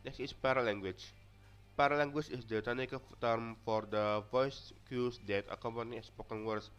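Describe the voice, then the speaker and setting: This is a young adult man with a native Indonesian accent, reading a class presentation off his notes and frequently restarting or stumbling. His mid-range voice is smooth and a bit bright, with fairly even intonation and a normal speed, heard through dull lo-fi audio.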